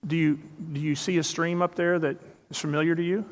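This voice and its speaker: A man's voice: a little high, level tone, a little fast. A man giving a motivational talk to a live audience, telling stories, acting out quoted dialogue and questioning the crowd. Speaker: speaker. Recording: long reverb of a large hall.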